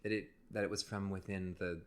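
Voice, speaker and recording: A man co-hosting a podcast, casually recapping a film's plot in a relaxed way. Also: deep voice, a little fast. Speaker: podcast co-host. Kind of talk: casual chat.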